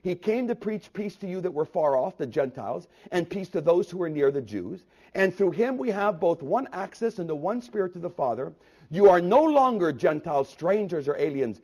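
A male pastor preaching a sermon, rising to loud reading of scripture and dropping to quiet prayer, pressing the congregation with repeated questions. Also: sing-song, a little fast, breathy edge. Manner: swells loud on scripture then drops low and quiet. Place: church.

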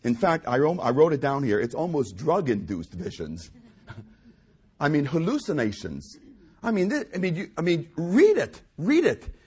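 A man's voice: on the high side, a little mellow, slightly rough. A man preaching a sermon as pastor, speaking emphatically, repeating key phrases and quoting scripture.

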